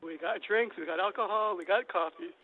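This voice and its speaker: A man's voice: high voice, fairly quick, phone-quality sound. An American man working at a bar, answering a caller politely and briefly. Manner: polite, plain and brief, now and then laughing. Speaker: bar worker taking a call.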